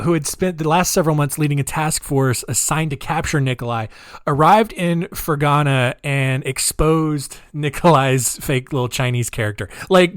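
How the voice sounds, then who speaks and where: A male podcast host tells a true-crime story in a loose, casual way, sarcastic and giggly. His voice sits a little high, and the recording is dry and close. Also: clear, resonant tone, dry recording.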